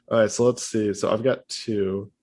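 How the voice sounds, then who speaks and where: A man's voice: lowish voice, fairly even intonation, unhurried, a little mellow. A young man co-hosting a podcast in loose, casual chat, swearing freely and laughing often. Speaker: podcast co-host.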